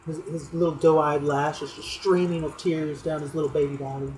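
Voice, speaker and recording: A man delivering a rambling comic monologue for his fantasy league's weekly roast, telling crude jokes in a low-key, deadpan way. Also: moderate pace, slight background noise, low-quality recording.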